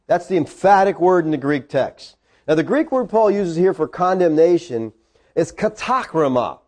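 A man preaching a sermon, teaching from the Bible with emphatic, animated delivery. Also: high voice, moderate pace.

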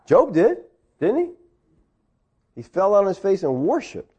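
Lively, animated man preaching a sermon. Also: sits high, a little slow, breathy edge, lo-fi sound. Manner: animated preaching with jokes and acted-out quotes. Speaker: pastor.

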